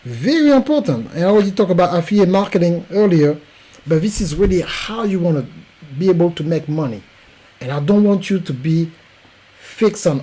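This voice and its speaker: A man with a French accent giving an emphatic, repetitive promotional pitch as a podcast coach. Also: expressive, a little fast, mellow, breathy edge, low-quality recording.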